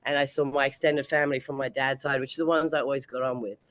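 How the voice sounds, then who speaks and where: A woman's voice: rumbling low, steady tone, fast, dry recording. A woman, chatting as an interview guest and laughing often between sentences. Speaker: bodybuilding competitor and guest. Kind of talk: casual interview chat.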